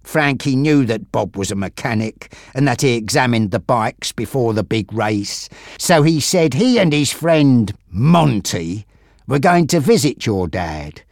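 A man's voice: medium pitch, expressive, a little slow, no room sound, clean studio sound. A man voicing a bitter, brooding man in a wheelchair who bursts into screaming rage.

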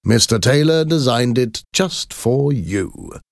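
A man's voice: mid-range voice, animated, slow, vocal fry, no room sound, studio quality, voice pushed up. A man voicing a kind, earnest Victorian doctor who speaks reassuringly. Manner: warm and reassuring.

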